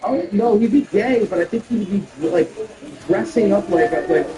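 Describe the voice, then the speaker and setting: A man's voice: high voice, expressive, moderate pace, warm tone, echoey room, slight background noise, rough recording. A man in casual chat, riffing loosely and giving his opinions.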